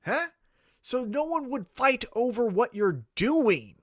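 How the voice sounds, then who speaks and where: A man's voice: extremely high pitch, very animated, slow, a bit bright, dry recording, clean studio sound. A man co-hosting a wrestling podcast in casual chat, talking with profanity and acting out mock quotes.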